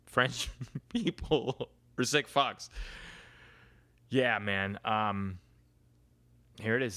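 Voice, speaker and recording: A young man rambles through a solo podcast in loose, casual talk. He swears freely and drifts from topic to topic. His voice sits in an ordinary middle pitch. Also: drawn-out words, long pauses, bright, forceful tone. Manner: crude, rambling, swears a lot. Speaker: podcast host.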